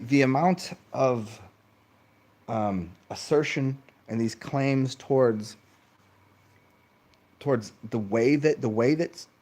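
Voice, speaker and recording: A man ranting in a casual monologue, swearing freely and mocking others in exaggerated voices. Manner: profane, animated, mimics others in high mocking voices. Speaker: channel host.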